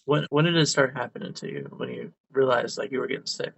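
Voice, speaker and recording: Male interview host, gravelly voice, short halting questions, muffled lo-fi audio. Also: medium pitch, steady tone, fairly bright tone, no room sound. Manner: brief, hesitant questions and short reactions.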